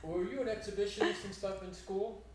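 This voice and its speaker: A woman's voice: medium pitch, fairly even intonation, fairly quick, darkish tone, slight background noise. A woman interviewer asking direct, probing questions. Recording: roomy and distant from the mic.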